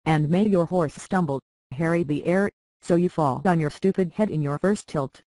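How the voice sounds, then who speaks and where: A reader voicing a proud, hurt young noblewoman who pleads softly and bites back sharply, in an audiobook. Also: mid-range voice, normal speed, no room sound, close to an everyday voice. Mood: cutting. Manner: pleading, then sharply biting. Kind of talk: audiobook character reading.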